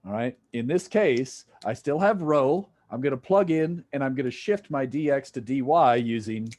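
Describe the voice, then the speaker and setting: A man's voice: mid-range voice, animated, measured pace, a little mellow. Joking male physics lecturer. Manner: casual, jokey, thinks aloud while working problems. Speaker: physics instructor. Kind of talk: classroom lecture.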